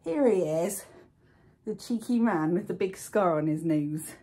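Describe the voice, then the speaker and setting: A woman's voice: fairly low pitch, expressive, measured pace, mellow. Chatty, gushing woman. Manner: chatty, gushing, with frequent ums. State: out of breath. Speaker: knitting vlogger. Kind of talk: casual chat. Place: baby's room at home.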